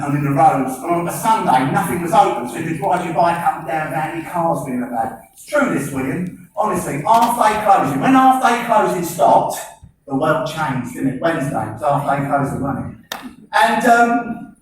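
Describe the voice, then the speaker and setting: A man, doing rambling stand-up comedy and teasing audience members by name. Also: fairly high pitch. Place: live comedy venue with audience laughter. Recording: echoey venue, distant mic, noisy audience.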